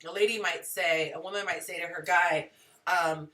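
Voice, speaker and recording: A woman's voice: fairly low pitch, fairly even intonation, moderate pace, sharp tone, far from the mic. A woman hosting a live relationship advice stream, talking conversationally and greeting viewers in the chat.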